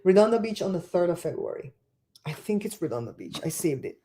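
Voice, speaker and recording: A middle-aged woman hosting a casual livestream from home, chatting and telling stories in an animated way. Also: lowish voice, fairly quick. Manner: chatty, animated storyteller reading chat. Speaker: livestream host.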